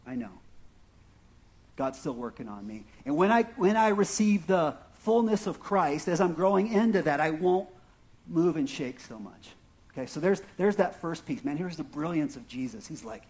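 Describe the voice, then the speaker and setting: A man's voice: a little high, lively intonation, moderate pace, darkish tone. A man preaching a sermon in a conversational, self-deprecating way, often checking in with "right?" and "okay?", with an Arizona accent. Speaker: pastor.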